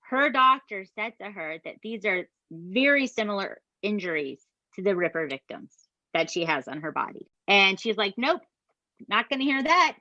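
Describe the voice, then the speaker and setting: A woman, co-hosting a podcast and retelling a true crime story in an animated, casual way that includes swearing. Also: mid-range voice, normal speed, dry recording, lo-fi sound. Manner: animated, swears, addresses listeners as "you guys". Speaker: podcast co-host.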